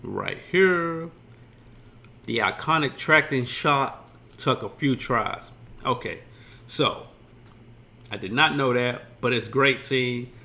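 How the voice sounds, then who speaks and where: A man's voice: medium pitch, slow, vocal fry, pauses often, bright, forceful tone. A man streaming a casual reaction commentary, rambling loosely and swearing freely as he retells scenes.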